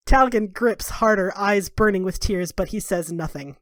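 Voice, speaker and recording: A woman's voice: mid-range voice, moderate pace, few pauses, no room sound, clean studio sound. Casual woman game master narrating. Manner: casual, filler-heavy narration.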